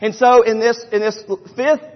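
A man's voice: very high-pitched, little pitch movement, moderate pace. Man, middle-aged pastor, sermon, emphatic, dull muffled sound. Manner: emphatic, repetitive preaching with acted-out quotes. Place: church sanctuary. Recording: dull sound with long hall reverb.

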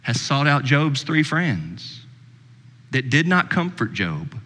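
A male pastor preaching a sermon, dropping to low soft passages and rising to high, emphatic exhortation. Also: sing-song, takes it slowly. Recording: long reverb in a hall.

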